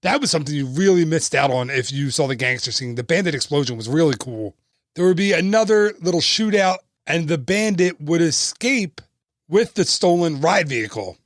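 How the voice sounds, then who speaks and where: A man's voice: fairly high pitch, expressive, moderate pace, no room sound, studio quality. Chatty man telling park stories. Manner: chatty, laughs at himself. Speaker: podcast host. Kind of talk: casual storytelling narration.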